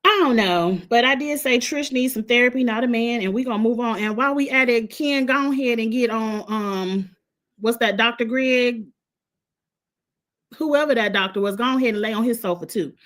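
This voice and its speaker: An Illinois woman speaks at normal speed in a slightly high, fairly bright voice, her accent Midwestern with Southern US mixed in. She casually recaps reality TV in a blunt, sassy, opinionated way.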